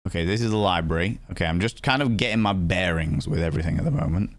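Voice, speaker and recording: A man's voice: sits low, fast talker, dry recording. Chatty, playful man streaming a game. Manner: chatty, playful, swearing, greeting chat. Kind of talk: casual let's-play commentary.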